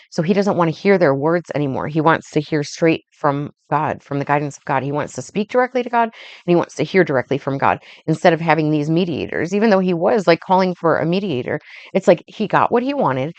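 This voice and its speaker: Young woman, low voice, dry close sound, scripture reading with rambling casual commentary. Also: no echo. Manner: loose and conversational, heavy on fillers like "like" and "um". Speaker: podcast host reading and reflecting on scripture.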